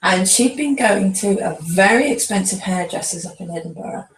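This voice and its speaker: A woman's voice: mid-range voice, expressive, moderate pace. A woman host chatting casually, telling stories and repeating words while she gathers her thoughts. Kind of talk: casual chat. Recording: distant mic in an echoey room with faint ambience.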